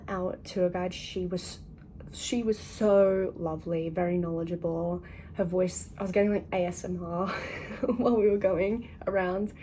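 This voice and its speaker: A young Australian woman chatting in a casual vlog from a hotel room, giggling often and filling pauses with "um" and "like". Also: lowish voice, dark tone, a little hiss or hum, rough recording. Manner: chatty, giggly, many ums and likes. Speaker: book vlogger.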